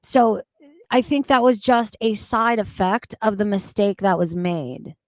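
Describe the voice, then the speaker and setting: A woman's voice: medium pitch, a little slow, darkish tone, dry recording. A woman co-host earnestly explaining her view in casual chat.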